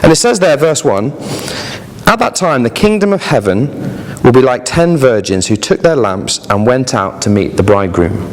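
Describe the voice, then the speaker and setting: A man in his late twenties preaching a sermon, telling stories with lively voices and asking the congregation questions. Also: mid-range voice, moderate pace. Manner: lively storytelling, asks the audience questions. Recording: echoey hall.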